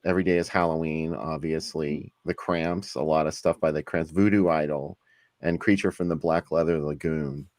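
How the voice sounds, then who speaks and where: A man hosting a podcast, chatting in a relaxed way and enthusiastically recommending things. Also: rumbling low, normal speed, no echo. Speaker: podcast host. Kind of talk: casual chat.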